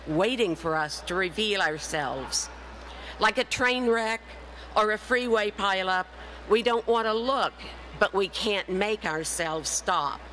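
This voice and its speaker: A middle-aged woman giving a conference talk as an author, telling her story in a lively way and acting out the voices of people she quotes. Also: medium pitch, slight background noise, poor audio. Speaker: author and speaker. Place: conference session room.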